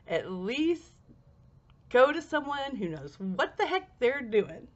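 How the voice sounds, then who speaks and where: A young woman telling a personal anecdote in an animated way, laughing and jumping into high squeals when she acts out her past self. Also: slow. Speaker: storyteller. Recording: slightly dull lo-fi recording.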